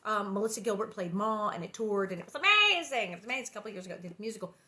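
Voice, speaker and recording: A woman reading a children's book aloud and breaking off for chatty, joking commentary, laughing often. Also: medium pitch. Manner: animated, joking, laughs often, quick asides. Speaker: reader and commentator. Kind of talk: casual read-aloud with chatty asides.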